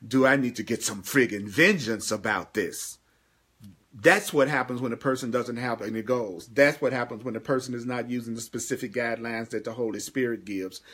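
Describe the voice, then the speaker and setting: Guy teaching a spiritual class live, emphatic, repeats stuff slowly, medium pitch. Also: a bit bright. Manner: bursts into exuberant whoops and playful sounds. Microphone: webcam or phone livestream.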